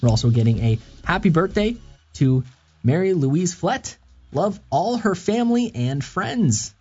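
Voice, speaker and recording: A man's voice: high voice, big pitch swings, measured pace, mellow, slightly rough. A man hosting a live call-in radio segment, upbeat and chatty. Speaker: radio host. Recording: muffled lo-fi broadcast with faint music.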